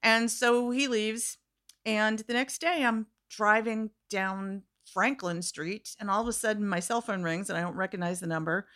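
Woman guest storyteller, bright edge to the voice, lively and theatrical in conversation. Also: medium pitch, moderate pace. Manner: animated, acts out quoted voices, laughs often. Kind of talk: casual storytelling chat.

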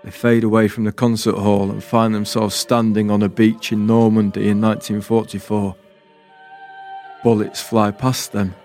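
Slow, calm man telling a poetic story. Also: on the low side. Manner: calm, deliberate, wistful. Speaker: writer and performer, narrator. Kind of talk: poetic spoken-word storytelling.

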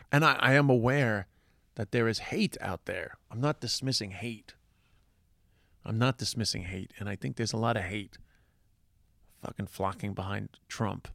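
A man holds forth in a loose, profanity-laced monologue, tripping over restarts as he builds his points. His voice has a gravelly, fry-edged texture. The sound is close and dry, with no room around it. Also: fairly low pitch, dry recording. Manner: heavy swearing, rambling restarts, impassioned. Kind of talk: casual opinion monologue.

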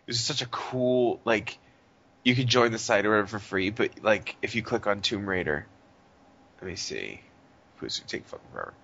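A man's voice: lowish voice, moderate pace, creaky, lo-fi sound. A man co-hosting a podcast in casual chat, rambling and swearing freely. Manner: animated, profane, rambling. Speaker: podcast co-host.

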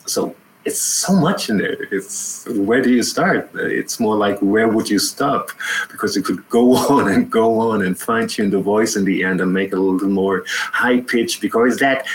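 A man's voice: on the low side, lively intonation, a little slow, a little hiss or hum, low-quality recording. A man talking casually as an interview guest, laughing often and repeating words.

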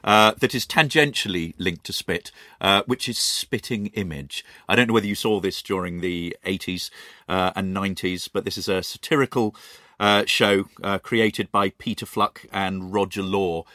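A man's voice: low-pitched, steady tone, moderate pace, pushed and bright, no room sound, studio quality. A British man co-hosting a casual chat, telling stories with many ums and restarts. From Britain. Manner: hesitant, lots of ums and restarts. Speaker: podcast co-host.

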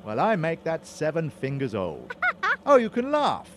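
A man's voice: on the high side, wildly swooping pitch, unhurried, very noisy. A man playing a prim, put-upon man who mutters to himself and turns sarcastic, in a comedy audio drama. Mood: fussy.

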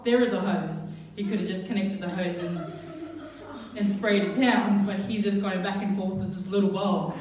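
A woman telling a funny true story on stage, lively and laughing, with many fillers and restarts. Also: medium pitch, moderate pace, crowd noise. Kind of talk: live storytelling to an audience. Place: live venue stage. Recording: echoey venue, mic from far off.

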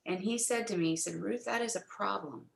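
A middle-aged woman, a guest in an interview, telling a personal faith story in an animated way and acting out the quoted dialogue. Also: medium pitch, fairly quick, creaky, echoey room, low-quality recording.

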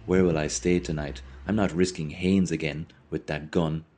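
A man's voice: a bass voice, fairly even intonation, dark tone. A man as a grim, brooding young man. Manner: grim, measured.

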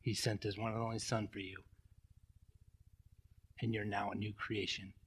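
A middle-aged male pastor preaching a sermon, telling stories with animated swings from loud to hushed. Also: lowish voice, moderate pace, slightly rough. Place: church.

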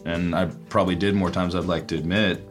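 Deep-voiced man telling stories. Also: flat delivery, quick pace, soft background music. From South Carolina, US. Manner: casual, self-deprecating, frequent fillers and acted quotes. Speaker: former hibachi chef, interviewee. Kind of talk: candid interview storytelling.

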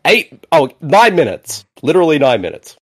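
Man, podcast co-host, middle-pitched, animated delivery, giggly and excitable movie chat. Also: normal speed, breathy edge. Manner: laughs often, excitable and chatty. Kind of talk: casual movie riffing chat.

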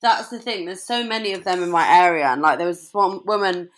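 A woman's voice: lowish voice, fairly quick. A woman co-hosting a casual chat, blunt and outspoken in her stories. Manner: blunt and outspoken, lively storytelling. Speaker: podcast co-host.

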